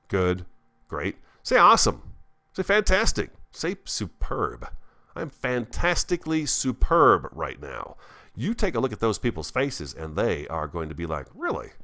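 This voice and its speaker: A man's voice: fairly low pitch, a bit bright. A man hosting a Minecraft let's play, chatting casually with viewers in an enthusiastic, radio-style delivery. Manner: chatty, talks to himself while playing. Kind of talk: casual gameplay commentary.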